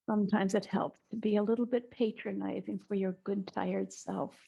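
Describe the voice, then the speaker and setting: A middle-aged woman teaching a guided movement lesson indoors, giving slow, soothing instructions with soft breathy asides. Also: medium pitch, steady tone, muffled recording. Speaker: eurythmy teacher. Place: indoor room, small.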